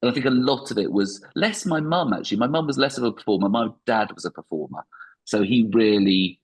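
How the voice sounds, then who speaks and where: A man's voice: lowish voice, fairly quick, slightly rough. A man, a stand-up comedian, talking reflectively in a podcast interview with frequent restarts.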